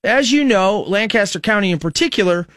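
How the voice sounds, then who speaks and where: A man's voice: high-pitched, animated, a little fast, a bit bright, dry recording, clean studio sound. A male radio talk show host from Nebraska, giving a rambling, conversational political monologue full of fillers.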